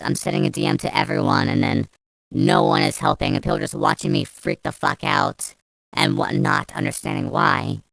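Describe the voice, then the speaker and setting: Young woman ranting on a vlog, low clear voice, swears a ton, keeps restarting. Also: fairly bright tone, no room sound. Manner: angry, profane, rambling with restarts. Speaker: vlogger. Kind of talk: storytime rant.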